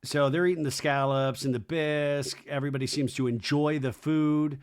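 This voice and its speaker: A man's voice: steady tone, moderate pace, clean tone. Chatty man recapping reality TV. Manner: chatty, mimics cast members in high mocking voices. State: hiccups. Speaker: podcast host. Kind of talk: casual recap commentary.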